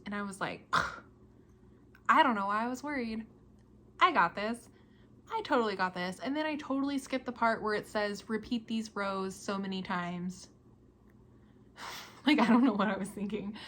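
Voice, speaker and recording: A woman's voice: medium pitch, slight background noise. A young woman hosting a casual podcast, chatting about her projects in a chatty, self-deprecating way and laughing often. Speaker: podcast host.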